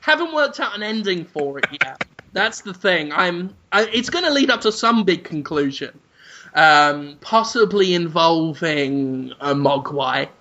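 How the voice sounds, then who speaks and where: Podcast guy telling a crude rambling story, gravelly voice, dull sounding mic. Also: on the high side, a little slow, slight background noise. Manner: crude, rambling deadpan narration. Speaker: podcast host. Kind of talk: comedic storytelling.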